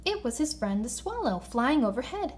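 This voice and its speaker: A woman reading a children's story aloud in an expressive voice, slowing down for emphasis. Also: high-pitched. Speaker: narrator.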